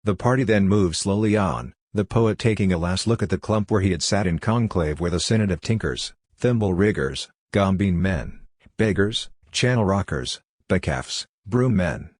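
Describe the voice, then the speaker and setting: A man reading a novel aloud as an audiobook narrator, in a measured, even manner. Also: low voice, dry recording, clean studio sound.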